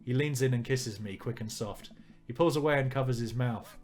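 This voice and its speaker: A man's voice: mid-range voice, moderate pace, darkish tone, soft background music. A man reading a visual novel aloud and commenting on it with dry jokes. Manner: wry, joking asides. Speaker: let's player.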